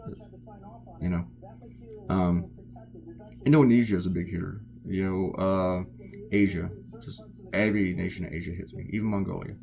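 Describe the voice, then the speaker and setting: Tired cartoonist, male, low gravelly voice, rambles casually while drawing. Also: steady tone, moderate pace, pauses often, mellow. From United States. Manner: rambling, wandering off topic.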